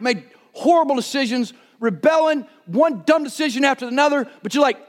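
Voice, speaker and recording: Male pastor, middle-aged, very high voice, animated sermon delivery with shouted bits. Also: moderate pace. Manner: animated storytelling, shouts during anecdotes.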